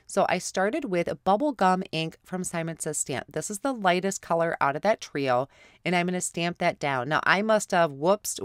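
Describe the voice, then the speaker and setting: A woman's voice: on the low side, no room sound, studio quality. Stuffed-up woman narrating a craft tutorial. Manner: apologetic, step-by-step explaining. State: stuffy nose from a head cold. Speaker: card-making channel host.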